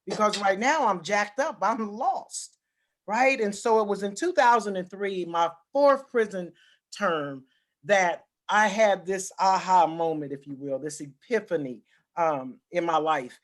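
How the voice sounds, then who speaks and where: A woman's voice: mid-range voice, measured pace. A woman giving a personal testimony as a guest speaker, talking emphatically and repeating her key phrases for weight. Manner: emphatic, repetitive storytelling.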